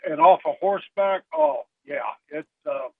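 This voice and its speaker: A man's voice: fairly high pitch, very animated, unhurried, vocal fry, husky, dry recording. A man from West Texas with a Texan accent, calling in and telling a story in a folksy way with many fillers. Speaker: caller. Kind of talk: casual storytelling on a radio show. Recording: tinny phone line.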